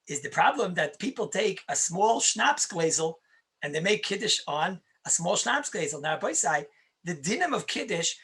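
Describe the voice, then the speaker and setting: A man's voice: high voice, sharp tone. A man, a rabbi, teaching Jewish law in a conversational lecture, stressing points by repeating them and answering his own questions.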